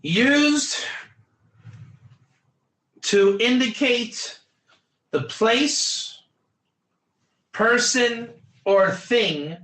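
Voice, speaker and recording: A man's voice: extremely high pitch, sharp tone, roomy sound, low-quality recording. A man, a rabbi, teaching an online class, acting out little scenes and calling on students to type their answers. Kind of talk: lively online Torah class.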